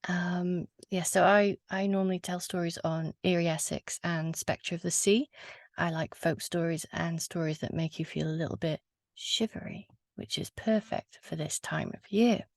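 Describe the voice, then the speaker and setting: A woman storyteller on a video call, telling a folk tale slowly and softly, lingering on words. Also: on the low side, fairly even intonation, vocal fry, dry recording, clean studio sound. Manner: soft, hushed, lingering on words. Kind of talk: slow atmospheric storytelling.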